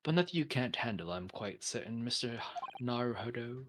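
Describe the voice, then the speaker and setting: A man's voice: medium pitch, lively intonation, moderate pace, background noise, natural voice. A man voicing an aloof, vain male detective in a languid, posh, offhand way while reading a game aloud.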